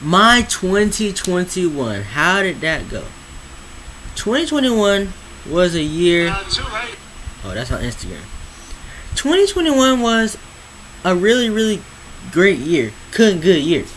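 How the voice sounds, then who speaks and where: A teenage boy with a slightly high, casual voice talks to his viewers. He rambles, repeats himself, and drifts between slow drawn-out phrases and quicker bursts, with a faint hiss of room noise behind him. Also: huge pitch swings, fairly bright tone, poor audio. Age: teens. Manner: rambling, slangy, repeats words, drawls some phrases slowly. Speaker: YouTuber. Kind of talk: casual vlog monologue.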